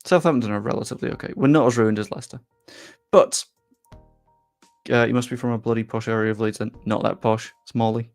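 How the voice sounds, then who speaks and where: Young man, faint Yorkshire accent, gravelly edge, casual live-stream chatter, faint music underneath. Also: medium pitch, steady tone, fast. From England. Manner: chatty, self-deprecating, reads comments aloud. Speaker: streamer reading chat.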